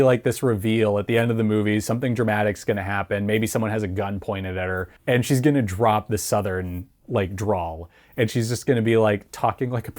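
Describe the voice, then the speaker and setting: A man's voice: mid-range voice, a little mellow. A man giving a casual spoken film review, rambling and chatty with many fillers and frequent laughs.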